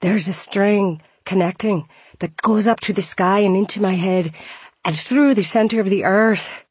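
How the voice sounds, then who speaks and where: A woman voicing an excitable young man with a Scottish accent who talks in a sing-song, as part of a memoir reading. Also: medium pitch, unhurried, slightly rough, no echo, pitched above the performer's own voice. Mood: excited sing-song.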